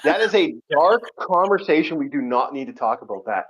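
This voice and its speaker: A man's voice: on the high side, very animated, brisk. A man hosting a podcast in casual chat, rambling and profane, laughing often. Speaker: podcast host. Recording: lo-fi muffled audio.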